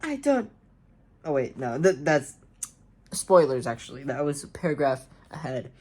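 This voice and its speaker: A woman's voice: extremely low pitch, moderate pace, a little mellow. A young woman reading aloud a story she wrote as a child, breaking in with sarcastic comments and frequent ums. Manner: sarcastic asides, frequent ums and uncertain trailing off. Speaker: reader and commentator.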